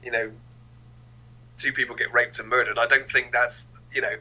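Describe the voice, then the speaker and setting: A man's voice: mid-range voice, flat delivery, moderate pace, pushed and bright, lo-fi sound. A man co-hosting a casual film review podcast, hesitant and repeating words as he recalls scenes. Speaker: podcast co-host.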